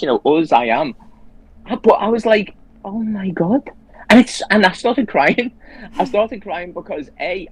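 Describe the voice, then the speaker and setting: Man, husky, slightly high voice, earnest personal storytelling, conversational guest. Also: no echo, rough recording. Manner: earnest storytelling, quoting his own inner voice. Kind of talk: casual conversation.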